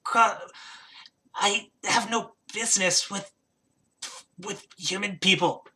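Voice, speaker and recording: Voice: mid-range voice, steady tone, slow, bright, forceful tone, breathy edge, voice pushed up, heavily acted. The game master voicing a small, scared male kobold who squeals and talks in short, broken phrases. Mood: confused, pleading.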